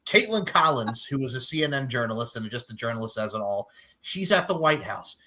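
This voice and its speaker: Podcast host, male, bright and forceful, swears often, ramps up into rants. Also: medium pitch, brisk. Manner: animated, swearing, rants loudly. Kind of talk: casual chat.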